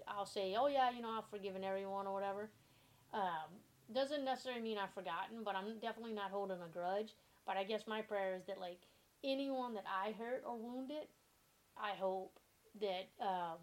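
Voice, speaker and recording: A woman's voice: medium pitch, low-quality recording. A woman co-hosting a podcast, speaking earnestly and sincerely in casual chat. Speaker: podcast co-host.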